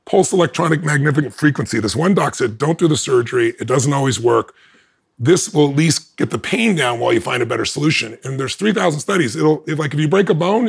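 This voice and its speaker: Male guest, fast and emphatic, higher-pitched, acts out quotes. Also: creaky, husky. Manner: acts out others' lines in changing voices; emphatic, laughs between lines. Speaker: podcast guest. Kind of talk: animated personal storytelling.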